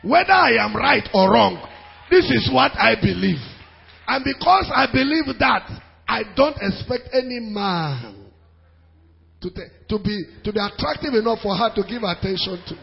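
High-voiced preacher in a hall. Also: male voice, moderate pace, creaky. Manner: animated preaching with pidgin asides and laughter. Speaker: pastor. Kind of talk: sermon. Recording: dull sound in a reverberant hall.

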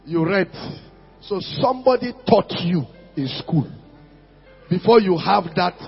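A man's voice: high voice, lively intonation, unhurried, creaky, slightly rough, faint music behind. A man preaching a sermon as pastor, calling out to his congregation and asking them for responses. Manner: preaching with call-outs to the congregation. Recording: muffled lo-fi recording in a reverberant hall.

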